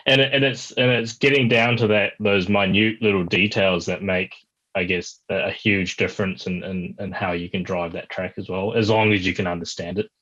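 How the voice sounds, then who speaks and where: A man's voice: low voice, steady tone, normal speed, a bit bright, muffled recording. A man, a podcast guest chatting casually and rambling with many restarts. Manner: rambling, many restarts, puts on a mock broken-English voice for jokes. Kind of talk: casual chat.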